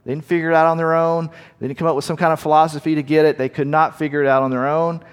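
A man preaches a sermon in a church sanctuary, his voice sitting a little high for a man. He slows down to lean on key words and lets his lines sink to a hush. Long reverb trails after each phrase. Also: little pitch movement, clear, resonant tone. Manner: slows down to stress key words, drops to quiet at line ends. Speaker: pastor.

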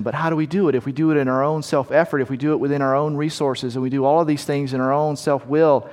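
Man preaching a sermon in an echoing hall. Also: mid-range voice. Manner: slows down to stress key words, drops to quiet at line ends. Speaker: pastor. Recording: long hall reverb.

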